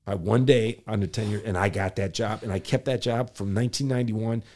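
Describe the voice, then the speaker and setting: Animated older man telling a story. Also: on the low side, fairly quick. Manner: animated storyteller acting out quoted voices. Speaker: interview guest, former city planner. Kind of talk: storytelling in a podcast interview.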